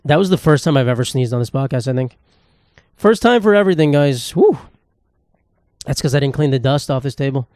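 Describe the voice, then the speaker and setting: Seated at a table indoors, this twenty-something solo podcaster rambles on with crude jokes at his own expense. He talks a little fast in an animated, mid-range voice with a darkish tone. The audio is clean studio sound with no room noise.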